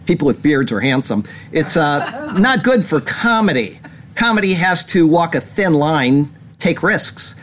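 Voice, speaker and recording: High-voiced rambling male host. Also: a little hiss or hum. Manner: rambling, animated storytelling with laughs. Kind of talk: casual news commentary.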